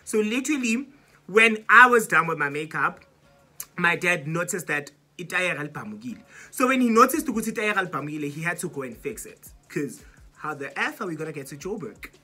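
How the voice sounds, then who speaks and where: A South African woman in her twenties tells a dramatic storytime for her vlog, sprinkling isiZulu words into her English. Her voice is very bright and sharp, and her pitch leaps up and down as she tells the story. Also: expressive, a little fast, breathy edge, soft background music. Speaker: YouTuber.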